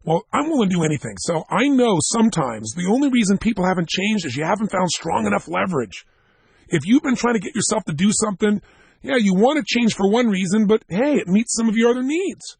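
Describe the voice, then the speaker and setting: A man speaking at a self-help seminar, telling stories emphatically and talking straight to his listeners in a gravelly, husky voice. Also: sits high, big pitch swings, fairly quick, darkish tone, no room sound. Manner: emphatic storytelling, direct address to listeners.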